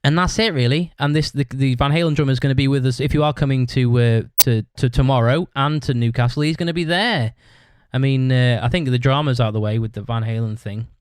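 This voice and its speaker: A man's voice: medium pitch, fast talker, clear, resonant tone, no room sound. Blunt, foul-mouthed man telling a story. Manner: blunt, heavily profane, rambling with restarts. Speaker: podcast host. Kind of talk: casual storytelling monologue.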